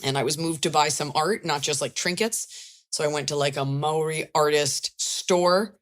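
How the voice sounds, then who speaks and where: A woman with a notably low voice hosts a casual podcast. She tells stories in a wry, chatty way, with plenty of swearing and comic asides. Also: moderate pace. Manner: chatty, wry, profane storytelling. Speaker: podcast host and stand-up comedian. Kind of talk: casual comedic chat.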